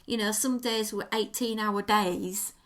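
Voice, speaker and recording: A woman co-hosting a podcast, telling a story in a lively, expressive way. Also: medium pitch, a little slow. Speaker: podcast co-host. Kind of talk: casual chat.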